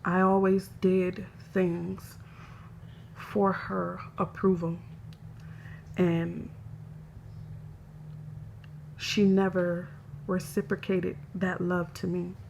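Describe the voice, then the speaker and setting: Slow, flat-voiced woman vlogging confessionally. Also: fairly low pitch, vocal fry, slight background noise. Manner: hesitant, halting, soft-spoken. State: emotional, close to tears. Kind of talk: confessional personal vlog.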